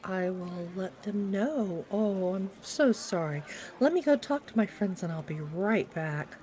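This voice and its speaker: A woman's voice: mid-range voice, measured pace, mellow. A woman playing in a tabletop game, speaking in character in a polite, earnest way. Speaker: player.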